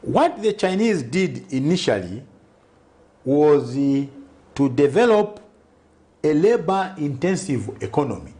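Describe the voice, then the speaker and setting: A man's voice: on the high side, very animated, a little slow, warm tone. A party president speaking in a TV studio interview, arguing his case point by point, often checking in with "Okay?" and stumbling on the odd word. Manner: emphatic, argues point by point and keeps asking "Okay?". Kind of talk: TV interview answers.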